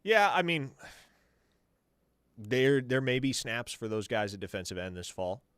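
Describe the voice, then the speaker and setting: A man's voice: mid-range voice, big pitch swings, a little slow, a bit bright, smooth, dry recording, studio quality. A man hosting a sports talk radio show, confidently answering listener questions as a team insider. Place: radio studio.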